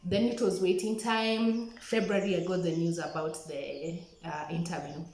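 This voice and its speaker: A young woman from Kenya telling the story of her scholarship application in a chatty, animated way, often calling her viewers "guys". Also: on the low side, moderate pace, roomy sound, slight background noise, rough recording. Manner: chatty, animated retelling with acted-out quotes, addresses viewers as "guys". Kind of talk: casual storytelling to camera.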